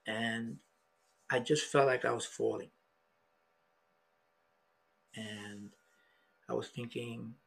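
A middle-aged man telling a personal story in an emotional, halting way, with many restarts. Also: mid-range voice, fairly even intonation, vocal fry, slightly rough. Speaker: podcast guest.

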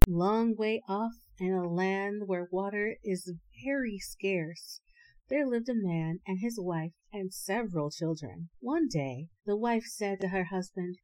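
A woman's voice: mid-range voice, a little slow, dry recording, rough recording. Playful woman reading a folk tale. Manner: playful, animated asides. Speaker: storyteller. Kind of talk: storybook reading.

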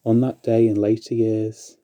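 A man recites a long rhyming tale in a measured, steady way. His voice sits low and very dark, with little rise and fall. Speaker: storyteller. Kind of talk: reading a rhyming story poem.

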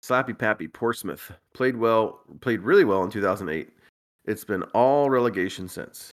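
A man hosting a casual podcast, reading a listener's list aloud with wry, deadpan asides and frequent chuckles. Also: fairly low pitch, normal speed. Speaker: podcast host.

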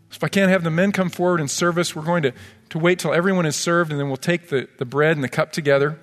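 A male pastor delivers an earnest, pleading sermon, weaving in scripture. His voice sits a little high for a man. The sound carries a long reverb from the church sanctuary. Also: fairly even intonation, fast talker, faint music behind.

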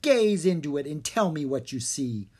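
A reader doing a cackling dark wizard from a storybook, pitched a touch above the reader's usual voice. He speaks slowly and with glee, every line a command. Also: very animated, husky. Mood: gloating. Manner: slow, gleeful, commanding.

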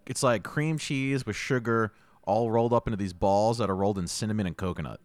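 A man's voice: fairly low pitch, brisk, smooth, dry recording. A young man co-hosting a podcast in casual chat, enthusiastic and teasing, often saying dude. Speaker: podcast co-host.

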